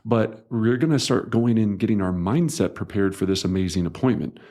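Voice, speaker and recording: A man's voice: lowish voice, fairly quick, mellow. A middle-aged man narrating his own sales training audiobook, conversational and emphatic, sometimes acting out quoted voices. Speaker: real estate coach.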